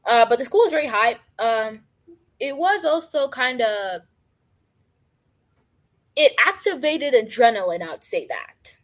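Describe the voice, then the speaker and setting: A teenage girl from Uganda answers questions in a casual interview. Her voice sits a little high. She talks hesitantly and fills her sentences with filler words. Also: animated, a little slow, long pauses. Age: teens.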